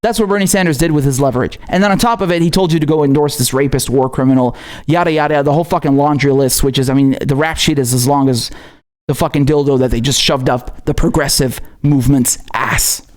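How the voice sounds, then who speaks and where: A man's voice: medium pitch, fast talker. A man from Syria hosting his own political commentary show, ranting with heavy profanity and stumbling over repeated words as he gets worked up. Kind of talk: heated political commentary rant.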